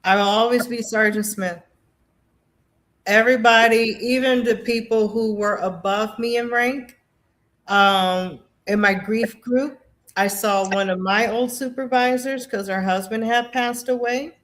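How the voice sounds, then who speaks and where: A woman, a veteran guest, earnestly sharing personal stories in an animated way, often restarting her sentences. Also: a little high, a little slow. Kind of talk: casual personal storytelling.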